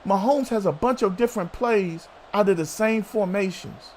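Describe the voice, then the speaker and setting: A man's voice: sits high, normal speed, a little mellow, slight background noise. A man hosting a sports talk show, arguing heatedly with a co-host, swearing and calling him bruh.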